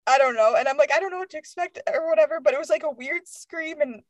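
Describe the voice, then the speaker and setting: A woman in her twenties telling a story in casual chat, animated and acting out the voices of friends, laughing often. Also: high voice, quick pace, dry recording. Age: 20s.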